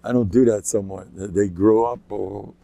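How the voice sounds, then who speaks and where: Gravelly older rabbi, joking and chatty. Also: male voice, on the low side, steady tone, normal speed, mellow, no room sound. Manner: chatty, joking, chuckles between stories. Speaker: rabbi giving a class. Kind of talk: informal humorous talk.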